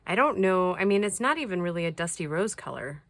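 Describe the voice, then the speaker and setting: Gravelly, gushing woman vlogger. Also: fairly low pitch, lively intonation, fairly quick, dry recording. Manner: gushing, soft-spoken, drops to whispers. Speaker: craft vlogger showing subscriber mail. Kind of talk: casual chat.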